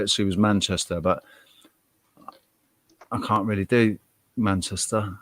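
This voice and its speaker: A man's voice: fairly low pitch, moderate pace, pauses often, fairly bright tone, no echo. A man with a Wirral Scouse accent, chatting casually as a podcast co-host, rambling and swearing freely. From Wirral, England. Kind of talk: casual chat.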